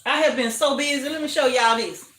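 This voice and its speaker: A woman's voice: sits high, fairly quick, reverberant, noisy background. An older woman hosting a casual livestream from her home kitchen, chatting and greeting viewers with frequent laughter. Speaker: homestead livestream host.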